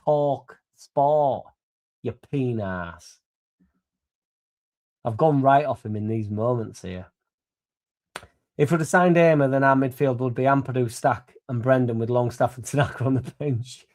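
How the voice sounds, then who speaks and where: Tipsy, sweary football fan. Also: male voice, mid-range voice, moderate pace, darkish tone. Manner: rambling, sweary and laddish, laughing between lines. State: a bit drunk. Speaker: fan channel host. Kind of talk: casual livestream chat.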